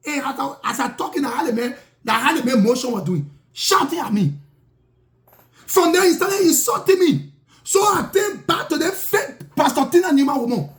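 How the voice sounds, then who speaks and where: A man's voice: extremely high pitch, animated, moderate pace, a bit bright. A self-styled prophet, a man, telling his grievances in an indignant, repetitive monologue with broken grammar. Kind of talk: impassioned spoken monologue.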